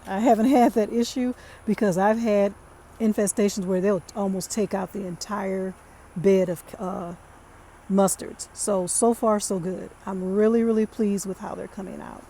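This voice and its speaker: A woman's voice: mid-range voice, mellow. A woman giving a casual tour of her backyard garden, chatting to viewers and calling them y'all. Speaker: home gardener vlogger.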